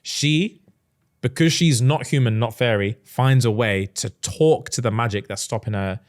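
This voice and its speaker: A man on a casual podcast, retelling a story with lively acted-out voices for each character. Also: mid-range voice. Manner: animated, acts out characters in quick changing voices. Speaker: podcast co-host.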